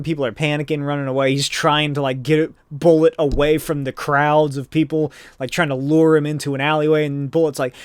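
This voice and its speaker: A man's voice: medium pitch, clear, resonant tone, no room sound, clean studio sound. A man hosting a podcast, recapping a comic book in a casual, rambling way with lots of filler words. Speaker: podcast host.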